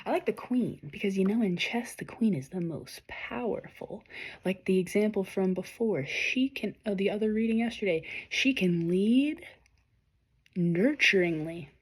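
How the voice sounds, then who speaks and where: A young woman giving a casual, animated tarot reading straight to her viewers, swearing freely and talking directly to them. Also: medium pitch, measured pace, husky. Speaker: tarot reader.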